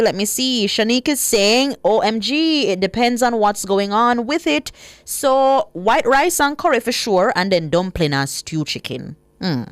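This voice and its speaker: A Jamaican woman hosting live radio, reading out listener comments with a lively, laughing manner and slipping into patois. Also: medium pitch, dry recording. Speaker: radio host.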